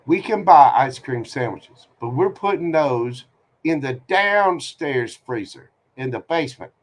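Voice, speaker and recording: A man's voice: medium pitch, lively intonation, a little slow. A man hosting a live tarot reading stream, giving candid, joking, rambling advice. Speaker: tarot reader host.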